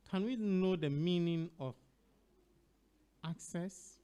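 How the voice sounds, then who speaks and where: A man with a Ghanaian English accent hosting an educational radio show, speaking slowly and deliberately and spelling words out letter by letter. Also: fairly high pitch, darkish tone, clean tone.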